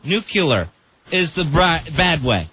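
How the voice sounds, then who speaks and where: A man co-hosting a talk radio show, dropping dark jokey asides into the banter. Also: on the high side, very animated, takes it slowly, husky. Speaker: radio co-host. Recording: muffled radio broadcast with hiss.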